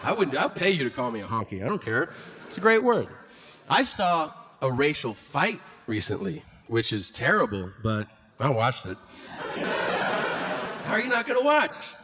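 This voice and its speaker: A man performing a stand-up comedy set, telling stories and acting out other people's voices and shouts. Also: mid-range voice, normal speed. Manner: animated storytelling, acts out voices and shouts. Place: comedy stage before a live audience. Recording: live room with audience noise.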